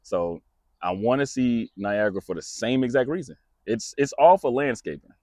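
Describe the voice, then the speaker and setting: An American man hosts a casual podcast chat in an animated, mid-range, darkish voice at normal speed, recorded cleanly in a studio without echo. He rambles, restarts a lot, and laughs at his own jokes.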